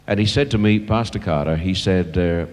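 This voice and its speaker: An older man preaching a sermon as a pastor, telling a story earnestly and growing quiet and slow at the emotional moments. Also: sits low. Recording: long church reverb.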